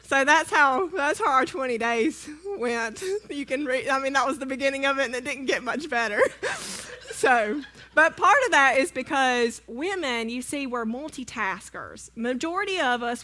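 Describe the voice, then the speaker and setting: A woman's voice: high voice, lively intonation, normal speed, bright, forceful tone. A woman, speaking to a church congregation, telling a humorous personal story in a chatty, self-deprecating way and asking the audience questions. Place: church sanctuary.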